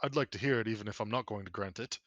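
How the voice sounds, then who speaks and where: A man voicing a gruff, blustering older official who talks brusquely and swears freely. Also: fairly low pitch, rapid-fire, a bit bright, dry recording.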